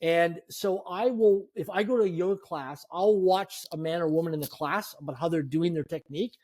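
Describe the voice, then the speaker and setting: A man in his fifties, a guest telling animated, self-deprecating stories in a conversation. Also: a little high, brisk. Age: 50s. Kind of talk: storytelling in a conversation.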